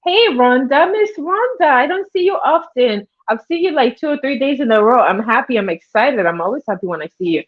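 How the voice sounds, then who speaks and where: A woman's voice: high voice, animated, brisk, few pauses. A woman hosting a livestream in casual commentary, chatty, greeting viewers by name as she talks. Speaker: livestream host. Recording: dull lo-fi stream audio.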